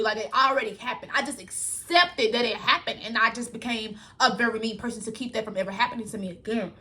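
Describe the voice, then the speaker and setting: A young woman speaks straight to her viewers in a loose, rambling, colloquial way, calling them y'all. Her voice sits a little high and sounds bright and tense. She tells a personal story candidly and unscripted. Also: fast talker, hardly any pauses. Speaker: vlogger.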